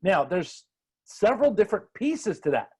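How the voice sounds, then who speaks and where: Husky high-voiced motivational speaker. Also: male voice, big pitch swings, moderate pace, a little mellow. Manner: folksy, emphatic, repeats phrases. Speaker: sales trainer. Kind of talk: motivational talk with anecdotes.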